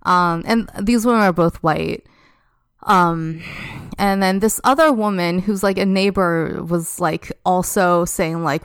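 Chatty young woman, smooth dry voice. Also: fairly low pitch, unhurried, no room sound. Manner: chatty, heavy use of "like" as a filler. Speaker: podcast guest. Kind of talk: casual storytelling.

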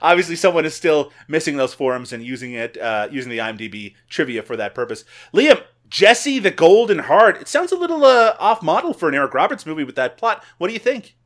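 A man hosting a comedy movie podcast, playful and quick to laugh. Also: on the high side. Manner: animated, laughs often, playful. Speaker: podcast host. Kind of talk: casual banter and movie recaps.

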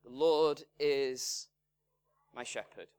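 Slow, measured man preaching a sermon. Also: mid-range voice, steady tone, clear, resonant tone. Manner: measured, emphatic delivery with loudness swinging from strong to hushed. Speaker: pastor. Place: church in Salford.

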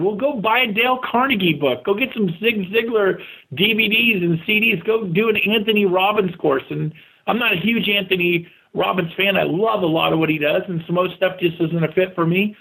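A man talking as a guest in an interview, energetic and motivational, speaking in quick bursts and acting out the voices of the people he quotes. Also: high-pitched, creaky, breathy edge, rough recording. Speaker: real estate agent and guest. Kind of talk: casual interview talk.

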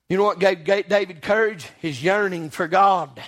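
A man preaching a sermon with fervent swings from low murmurs to shouted peaks, repeating phrases and punctuating with amen. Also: normal speed, few pauses.

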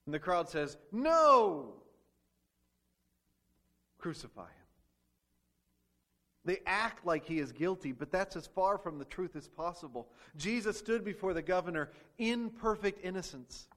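A man's voice: high voice, moderate pace, few pauses, a bit bright. A man preaching a sermon as pastor, asking the congregation rhetorical questions and acting out quoted speech.

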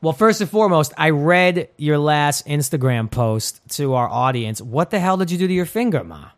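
A man's voice: a little high, expressive, normal speed. A young man hosting a podcast, chatting casually in an upbeat, teasing way and laughing often. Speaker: podcast host.

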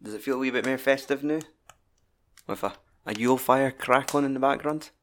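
A man's voice: mid-range voice, brisk. A Scottish man hosting a podcast, chatting casually with sweary, jokey banter. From Scotland. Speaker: podcast host. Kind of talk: casual chat.

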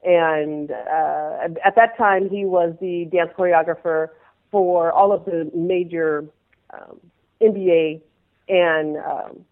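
A woman telling a personal story in an interview, animated and acting out scenes in changing voices. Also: on the low side, slow. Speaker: interview guest, former pro dancer. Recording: tinny phone-like line.

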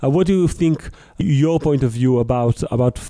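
A man's voice: mid-range voice, moderate pace, dark tone. A man hosting a course Q&A and reading out audience questions, speaking hesitantly with many fillers.

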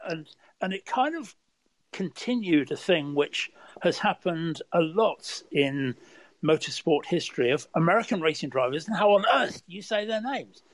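A man's voice: a little high, no echo. A man from the UK, a motorsport commentator telling reflective anecdotes in a casual panel chat.

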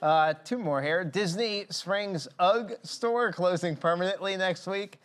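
A man's voice: sits high, a bit bright, smooth. A man hosting a casual podcast, reading news items and listener comments with dry jokes. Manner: dry, quick jokey asides. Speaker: podcast host.

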